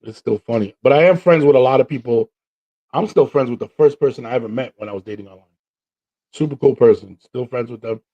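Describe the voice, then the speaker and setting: A man hosting a podcast, telling stories in a casual, slangy, animated way and acting out what people said. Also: mid-range voice, quick pace, highs cut off. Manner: animated, slangy, acts out quotes. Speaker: podcast host. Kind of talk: casual storytelling chat.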